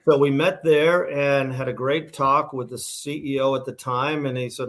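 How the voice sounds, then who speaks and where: A man's voice: medium pitch, brisk, hardly any pauses. A middle-aged man from Massachusetts with a Boston accent, telling stories as a company founder in a casual interview, rambling with fillers and restarts. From Massachusetts, USA. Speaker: guest, shoe company founder.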